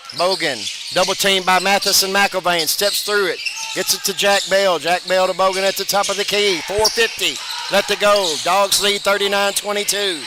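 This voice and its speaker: High-voiced man calling high school basketball. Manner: brisk call that jumps up loud on big plays. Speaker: play-by-play announcer. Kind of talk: play-by-play commentary. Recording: broadcast over loud gym noise.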